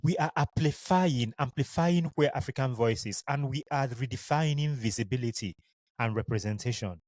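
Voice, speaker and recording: Speaking at normal speed with a medium pitch and a darkish tone, a man with a Nigerian accent, a native Igbo speaker, hosts a solo podcast. The recording is dry, and he addresses his listeners tenderly in an earnest, heartfelt way.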